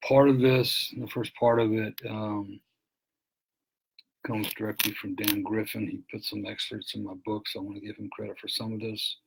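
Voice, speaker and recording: A man's voice: lowish voice, flat delivery, normal speed, gravelly, heavy background noise. A man speaking as an author and recovery speaker in an earnest, reflective talk, often repeating and restarting his words.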